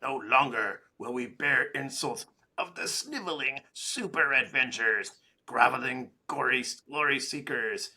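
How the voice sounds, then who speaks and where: A man hamming up Doctor Doom, pompous and booming. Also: a little slow, pushed and bright, full character voice. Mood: proclaiming. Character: grandiose male supervillain monarch, pompous and booming.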